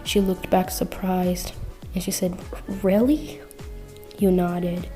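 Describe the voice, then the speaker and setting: A young woman casually narrating a listener story as channel host, chatty and full of fillers, over soft music. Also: fairly low pitch, monotone, unhurried. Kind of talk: reading a fanfic-style listener story.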